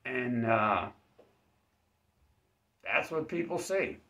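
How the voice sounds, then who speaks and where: A man hosting his own channel, giving a rambling deadpan comedic monologue that sometimes jumps into high-pitched acted-out voices. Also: drawn-out words. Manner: acts out exchanges with sudden high-pitched voices; laughs at his own dark jokes. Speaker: self-defense channel host. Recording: slightly dull, lo-fi recording.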